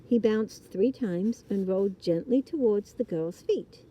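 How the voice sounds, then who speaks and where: A woman reading a children's book aloud in a gentle, expressive storytelling style. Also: mid-range voice, unhurried, slightly rough, low-quality recording. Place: outdoors in a hammock.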